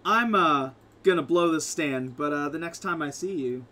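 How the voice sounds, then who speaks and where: A man's voice: a little high, moderate pace, pushed and bright. Man voicing a smug devilish dealmaker. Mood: taunting. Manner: folksy, calls people kid.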